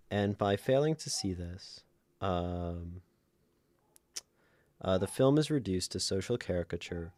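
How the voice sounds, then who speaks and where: A man's voice: low voice, darkish tone, no echo. A man hosting a livestream, reading viewer submissions aloud and commenting on them, thinking aloud with many fillers, self-corrections and laughs. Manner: laughs often mid-sentence.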